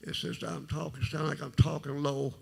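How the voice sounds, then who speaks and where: Gravelly deep-voiced man. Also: flat delivery, a little mellow. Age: middle-aged. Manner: rambling, halting, folksy storytelling. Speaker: testimony speaker. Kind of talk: personal testimony at a church service.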